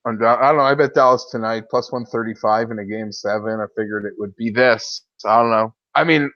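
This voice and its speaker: A man co-hosting a casual sports talk show, agreeing often and chiming in quickly. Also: fairly low pitch, steady tone, no room sound, highs cut off. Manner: agreeable, quick back-and-forth with many "yeah"s. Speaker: podcast co-host.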